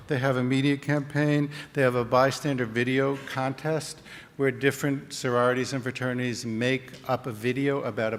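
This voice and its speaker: A man giving a conference talk in a conversational way, acting out short example dialogues. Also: medium pitch. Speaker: conference speaker. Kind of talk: conference presentation. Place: conference hall. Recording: long reverb of a hall.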